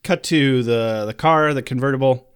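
A man's voice: medium pitch, moderate pace, clean tone. A male podcast co-host recapping a TV episode in casual chat, sarcastic and swearing freely.

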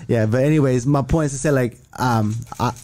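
A man's voice: mid-range voice, fairly quick, a little mellow. A young man telling a long story in casual chat, rambling and profane, with many restarts. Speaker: podcast guest.

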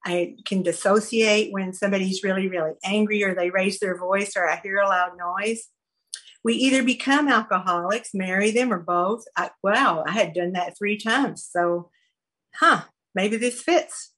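A woman's voice: mid-range voice, a bit bright, husky, low-quality recording. Earnest woman sharing her story. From American South. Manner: earnest, halting, with fillers and repeated phrases. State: briefly choked up. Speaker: recovery program speaker sharing her story. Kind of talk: personal testimony.

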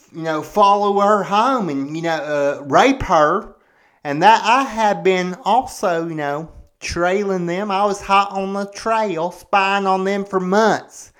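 A man's voice: high voice, fairly bright tone. A man playing a jealous, paranoid husband who rants and curses with indignation. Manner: cursing, ranting, indignant. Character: jealous, profane, paranoid middle-aged husband. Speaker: podcast pastor host. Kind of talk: comedic monologue performed in character.

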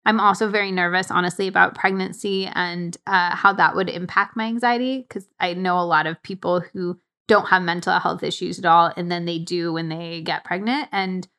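A woman's voice: lowish voice, steady tone, moderate pace, few pauses, pushed and bright. A young woman hosting a podcast, chatting casually and thoughtfully into a studio microphone, with lots of filler words. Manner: chatty, reflective, many fillers. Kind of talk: casual chat. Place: recording studio.

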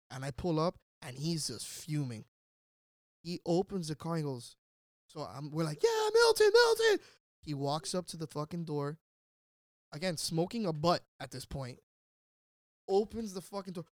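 A man telling a wild story in casual chat, animated and swearing, shouting out the lines he quotes. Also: fairly high pitch, no room sound, clean studio sound. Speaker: podcast guest storyteller.

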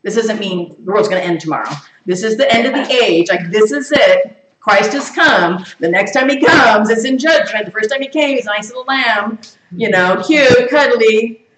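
A woman teaching a Bible study to a group, lively, quizzing her listeners and laughing often. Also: medium pitch, moderate pace, background noise. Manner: animated, asks the group questions and laughs often. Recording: echoey room, far from the mic.

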